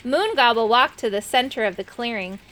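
A woman reading a children's chapter book aloud with expressive, dramatic delivery. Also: a little high, a little fast. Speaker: narrator.

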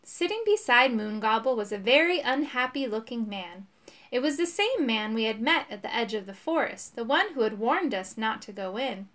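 A woman narrating a children's chapter book aloud, expressive and voicing the characters. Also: fairly high pitch, normal speed. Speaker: audiobook narrator. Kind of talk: children's audiobook reading.

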